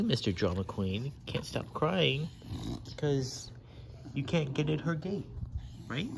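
Man, dog owner, home video; lively sing-song baby talk to pets, mid pitch, noticeable background noise. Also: gravelly. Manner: playful baby talk to dogs, voice jumping high. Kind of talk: casual home video chat.

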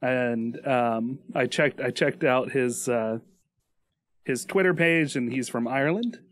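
A man co-hosting a casual podcast, rambling and joking as he goes. His voice is mid-pitched, recorded close on a dry studio mic. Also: slow pace, dry recording. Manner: joking, rambling with restarts and laughs. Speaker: podcast co-host.

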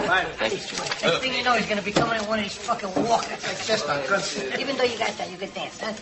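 A man's voice: high voice, lively intonation, a little fast, creaky, very noisy. An actor playing a hot-tempered male mobster who taunts and curses with laughing menace, in a film clip. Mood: taunting. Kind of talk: film dialogue. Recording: film clip in a loud crowded bar.

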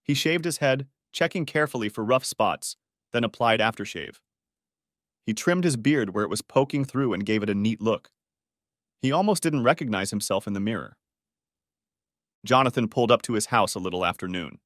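A man narrating a dramatic audiobook story in an expressive voice, close to the microphone. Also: fairly low pitch, moderate pace, dry recording.

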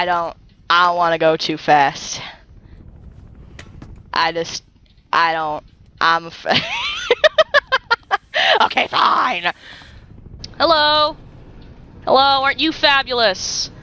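A young woman giving playful, excitable commentary while playing a video game, joking and talking to the creatures she meets. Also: mid-range voice. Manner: giggly, silly and excitable, talks to game creatures. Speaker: gaming YouTuber.

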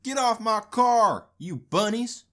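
Woman doing a gruff big tough dog. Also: low-pitched, sing-song, unhurried, fairly bright tone, pitched below the performer's own voice, full character voice. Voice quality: gruff growling voice. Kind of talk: storybook read-aloud.

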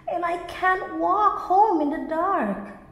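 Storybook bee: woman doing a tiny greedy buzzing boy, high and whiny, roomy echo. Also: expressive, takes it slowly, a little mellow. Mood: scared. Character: small greedy male bee, anxious then cheerful. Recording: echoey, reverberant room.

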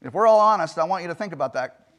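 Male pastor, high voice, emphatic sermon in a church, swings loud and soft. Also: lively intonation, very fast. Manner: emphatic preaching with rhetorical questions and sudden loud swings. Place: church sanctuary.

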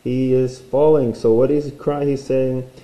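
Slow, mellow-voiced man teaching. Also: medium pitch, flat delivery, reverberant, low-quality recording. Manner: playful, drawing as he explains. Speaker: language teacher. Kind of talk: recorded lesson.

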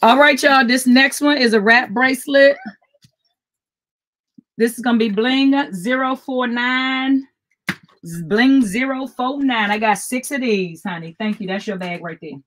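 Older woman, live-stream jewelry host, chatty and repetitive, somewhat high voice. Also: a little slow, fairly bright tone. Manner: chatty, repeats item codes, greets viewers by name.

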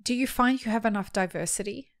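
A woman's voice: fairly high pitch, brisk, no echo, clean studio sound. A woman hosting a podcast, conversational and a little teasing as she asks questions. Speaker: podcast host. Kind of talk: podcast interview and sponsor reads.

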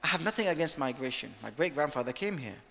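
A man giving an interactive leadership lecture, talking candidly and telling animated stories with direct questions to the audience. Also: on the high side, quick pace, creaky. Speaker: guest speaker, company director. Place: lecture hall, filmed. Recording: long hall reverb.

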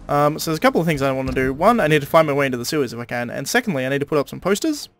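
A man's voice: a little high, big pitch swings, rapid-fire, a bit bright. A man with an Australian accent giving casual, thinking-aloud commentary while playing a game, with frequent ums. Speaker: let's-play host. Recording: faint game music behind.

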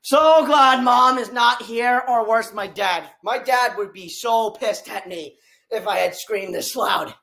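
A young man hosts a reaction video from home, talking straight into his webcam. His voice sits high, and he is overwhelmed, yelling and repeating the same exclamations. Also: measured pace, gravelly. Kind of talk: excited reaction commentary.

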